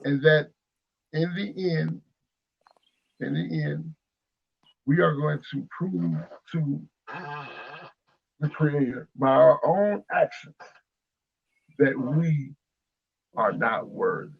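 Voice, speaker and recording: A man speaking slowly and haltingly with many pauses, preaching on spiritual matters. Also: on the high side, gravelly, husky. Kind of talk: spiritual discussion. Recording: dull lo-fi sound.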